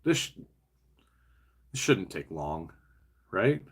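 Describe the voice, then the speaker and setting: Laid-back male hobby vlogger, slow easy delivery, self-mocking and chatty while building. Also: medium pitch, expressive. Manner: chatty, self-mocking, often laughing to himself; mutters and talks to the pieces while fiddling. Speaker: vlogger building a toy brick set. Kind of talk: casual rambling chat while building.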